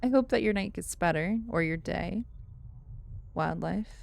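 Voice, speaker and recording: A woman's voice: fairly low pitch, unhurried, creaky, slight background noise. A woman streaming a game, chatting with her viewers as she plays and reading in-game notes aloud. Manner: chatty, talks to viewers while playing. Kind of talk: casual gameplay commentary.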